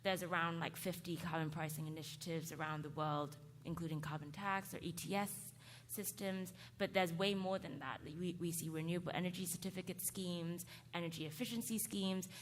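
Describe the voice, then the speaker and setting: A woman's voice: on the low side, steady tone, a little fast. Woman panelist in an echoing hall. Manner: explanatory, uses "like" and "um" fillers. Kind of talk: conference panel talk. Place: conference hall. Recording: conference hall reverb, faint noise.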